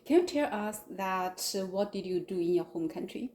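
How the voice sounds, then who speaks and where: A woman interviewing a guest in a casual conversation. She keeps up a steady stream of soft murmured agreement and asks her questions gently. Her voice sits at a middle pitch. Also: normal speed, a little hiss or hum. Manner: encouraging, frequent murmured backchannel.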